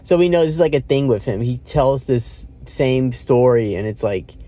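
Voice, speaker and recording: A man's voice: mid-range voice, wildly swooping pitch, measured pace, warm tone. A man talking through a movie review in a casual, rambling way, swearing now and then and laughing often.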